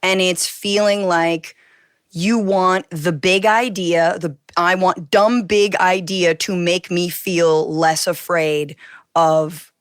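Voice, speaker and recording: Brief: woman, low voice, dry close mic, animated and scathing. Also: slow, smooth, no echo. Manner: animated, scathing political commentary. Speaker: guest. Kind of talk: casual chat.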